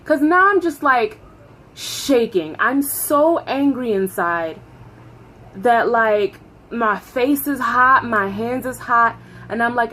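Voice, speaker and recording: Woman, 30s, storytime vlogger; slightly high, lively and profane. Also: slow, slight background noise. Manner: animated, profane, laughing. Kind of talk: storytime vlog.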